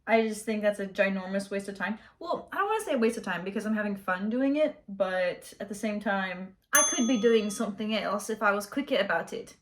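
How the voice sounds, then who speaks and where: A young woman chatting casually in her bedroom while she does her makeup, high-energy and slangy. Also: animated, fairly quick, hardly any pauses. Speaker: beauty vlogger. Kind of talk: casual get-ready-with-me chat.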